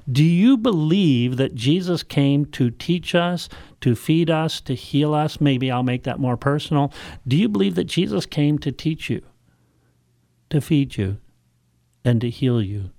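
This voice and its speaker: A male pastor, preaching a sermon in measured, emphatic phrases full of rhetorical questions. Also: fairly high pitch, expressive, gravelly, darkish tone, dry recording, studio quality.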